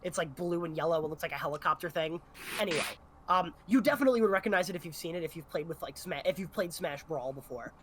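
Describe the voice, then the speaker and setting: A man's voice: a little high, animated, quick pace, a bit bright, a little hiss or hum. A man on a podcast panel, giving a rambling explanation in a casual chat.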